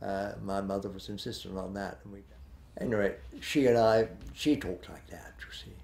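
A man's voice: fairly low pitch, steady tone, normal speed, gravelly, darkish tone, echoey room. A man in his eighties, a retired television director, reminiscing in an interview in a rambling, hesitant way, full of fillers and restarts. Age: 80s.

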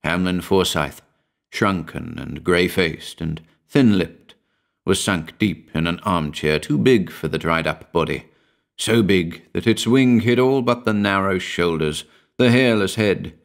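A man giving a measured, brooding scripted narration of a horror story. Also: low-pitched, vocal fry.

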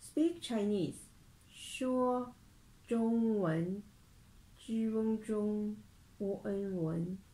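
A woman teaching a language lesson at an extremely slow, deliberate pace. She repeats every phrase carefully, with a pitch that sits in the middle range. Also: dark tone, low-quality recording. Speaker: Mandarin teacher.

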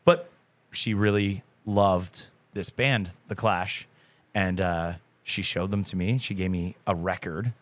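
A man's voice: sits low, slow, dry recording. A young man, a guest musician, telling stories in a loose and chatty way, full of filler words and swearing. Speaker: guest musician, band vocalist. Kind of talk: casual podcast interview.

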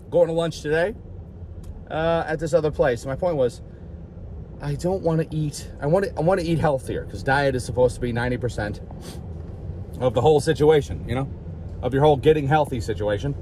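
A man's voice: a little high, a little mellow, slight background noise. A man vlogging in a rambling, jokey way, outdoors by a street. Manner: rambling, jokey, puts on silly voices. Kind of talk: rambling casual vlog.

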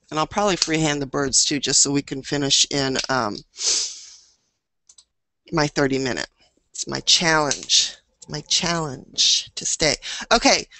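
Bright-voiced woman giving a chatty online painting lesson, dry close sound. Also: low voice, no room sound. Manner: chatty, thinking aloud. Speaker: painting teacher. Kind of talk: live online painting demo.

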